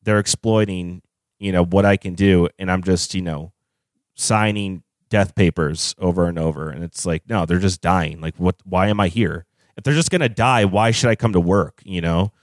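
A man's voice: low voice, no room sound, studio quality. A young adult man, a nurse being interviewed, talking frankly with frequent ums and casual swearing. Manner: frank, swears freely, measured pace with filler ums. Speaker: nurse guest.

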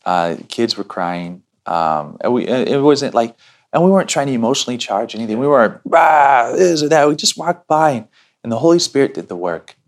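A man in ministry telling a story in casual talk, animated and full of restarts. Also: a little fast. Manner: animated, many restarts, acts out quotes in a higher voice.

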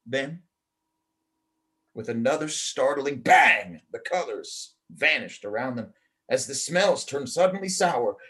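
A man hosting a show, reading a children's story aloud in a playful, expressive manner. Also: mid-range voice, slow pace. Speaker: host and storyteller.

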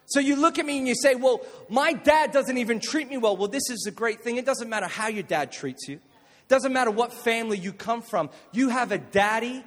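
A man preaching a jokey, energetic youth sermon to a live audience in a church hall, calling on listeners to respond. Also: extremely high pitch, fairly quick. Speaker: youth pastor. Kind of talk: youth sermon with jokes and stories.

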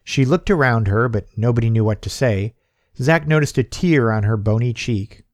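A man's voice: on the low side, normal speed, a little mellow, no room sound, studio quality. A man reading a short story as an audiobook narrator, giving the characters' lines a lifted, livelier delivery. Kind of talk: scripted narration.

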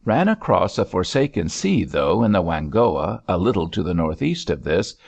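A man voicing a gruff, dryly humorous older sea captain who drawls wry remarks, with a creaky, husky voice. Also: low-pitched, big pitch swings, normal speed, full character voice. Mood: reminiscing.

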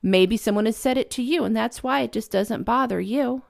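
A woman's voice: fairly high pitch, moderate pace, gravelly. A woman talking casually and earnestly as a parent, giving reflective advice about apologizing.

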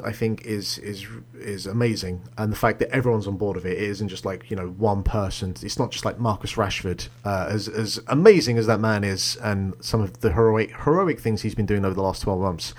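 A man's voice: fairly low pitch, a little fast, few pauses. A man co-hosting a podcast, chatting casually. He rambles along, with plenty of "like" and "you know" between his thoughts. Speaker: podcast co-host. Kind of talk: casual chat.

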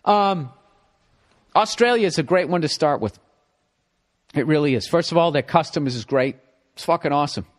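A middle-aged man with a Boston accent, hosting a podcast with a profane, animated comedic ramble. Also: fairly high pitch, normal speed, long pauses. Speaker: podcast host.

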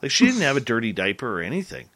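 A man's voice: mid-range voice, wildly swooping pitch, sharp tone. A man hosting a casual interview, telling family stories earnestly and often restarting his sentences. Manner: earnest storytelling with halting restarts. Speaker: podcast host.

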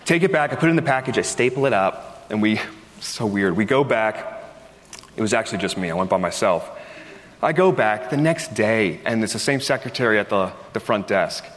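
A pastor with a lowish voice preaches a sermon, opening briskly with a chatty personal story and acting out the voices of the people he quotes. His intonation is lively, and the recording carries a long hall reverb.

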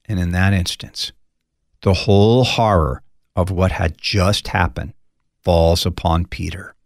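A pastor teaching through a Bible passage in a conversational, expressive way, acting out the quoted lines with folksy asides. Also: male voice, lowish voice, gravelly, dry recording, clean studio sound.

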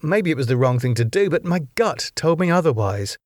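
A man's voice: a little high, very animated, a little fast, no room sound, studio quality, voice pushed up. A man voicing an earnest young woman police inspector who sounds urgent and defensive. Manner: urgent, pleading, flustered.

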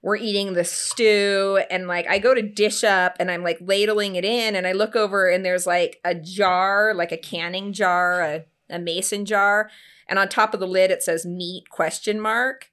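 A woman in her thirties tells a story in relaxed, casual conversation. She is animated and gives each quoted person their own voice. Her voice sits at an ordinary middle pitch. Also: moderate pace, smooth. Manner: animated, acts out quoted voices, laughs often.

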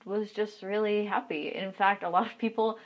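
A woman's voice: medium pitch, fairly even intonation, normal speed. A young woman chats casually and frankly, telling stories about her work as an online content creator. Her talk is loose and full of fillers. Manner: chatty, frank, many fillers. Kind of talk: casual storytelling chat.

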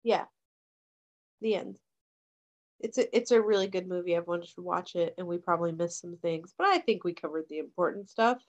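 A woman's voice: lowish voice, moderate pace. A young woman co-hosting a podcast, chatting casually with short agreeing replies and summing up the movie. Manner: brief agreeing replies, laughs along, wraps up the recap. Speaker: podcast co-host. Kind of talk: casual chat.

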